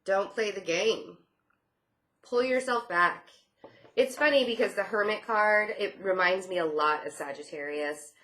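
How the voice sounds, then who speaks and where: A woman's voice: medium pitch, a little slow, sharp tone. Chatty woman giving a tarot reading. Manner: chatty and sarcastic, many fillers and laughs. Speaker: tarot reader.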